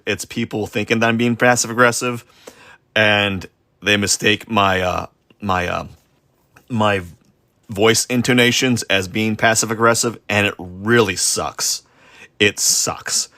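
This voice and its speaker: A man with a low, gravelly voice talks loosely as he draws on a livestream. He wanders off topic, pokes fun at himself and restarts his sentences often. The sound is close and dry, with no room around it. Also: sharp tone, no room sound. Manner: rambling and self-deprecating, with many fillers and restarts. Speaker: artist streaming a live drawing session. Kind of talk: casual rambling chat while sketching.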